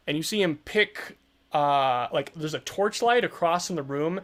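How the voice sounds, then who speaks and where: A man narrating a tabletop game as game master, describing scenes in an unhurried way full of fillers. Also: on the high side, soft background music.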